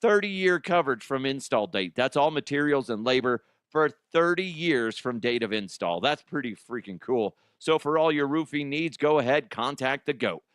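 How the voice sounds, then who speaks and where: Lively, joking male podcast host. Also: mid-range voice, moderate pace, few pauses, clean tone, no echo, clean studio sound. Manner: loose, swearing, self-mocking, jokey. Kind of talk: comedic news commentary.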